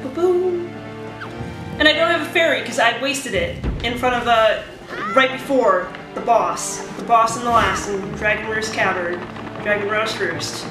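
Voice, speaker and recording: A woman talks her way through a video game, rambling between thoughts and tossing dry asides at her viewers. Her voice sits a touch high and sounds set back from the mic in an echoey room, with music playing underneath. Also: normal speed, recorded from a distance. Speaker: let's play commentator. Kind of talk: casual gameplay commentary.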